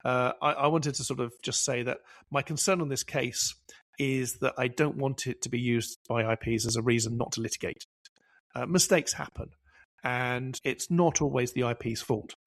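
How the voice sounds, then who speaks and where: A man's voice: mid-range voice, fairly even intonation, normal speed, no room sound. A man hosting a professional podcast discussion, telling anecdotes and driving points home with repetition. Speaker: podcast host.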